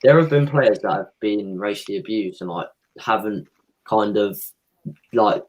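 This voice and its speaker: A man's voice: on the low side, measured pace, lo-fi sound. A man in a casual football chat, earnest and rambling with many fillers.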